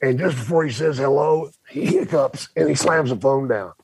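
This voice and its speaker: An older man telling a rowdy story in casual chat, animated and swearing freely, acting out the people in it. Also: medium pitch, moderate pace, creaky, husky. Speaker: podcast guest storyteller.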